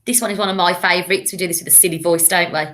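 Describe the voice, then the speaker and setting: An English woman, a primary school teacher, giving a recorded lesson to children, speaking clearly and encouragingly and modelling words for them to repeat. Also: fairly low pitch, steady tone, rapid-fire, a bit bright.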